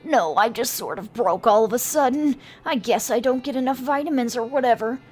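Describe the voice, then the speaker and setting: A woman's voice: fairly high pitch, a little fast, husky. A woman voicing an injured man with a broken leg who states his troubles in a dry, matter-of-fact way. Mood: wry.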